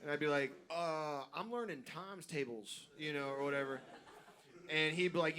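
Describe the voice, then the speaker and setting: A young man co-hosting a live comedy podcast, telling excitable stories and mimicking his parents. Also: a little high, normal speed. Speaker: podcast co-host and editor. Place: live venue stage.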